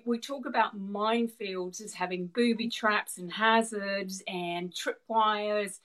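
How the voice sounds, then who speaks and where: A middle-aged woman with a New Zealand accent, a guest expert on a video call. She answers at length, in an animated way, laughing now and then and repeating words as she works out her thoughts. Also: mid-range voice, rough recording. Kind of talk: explanatory interview answers.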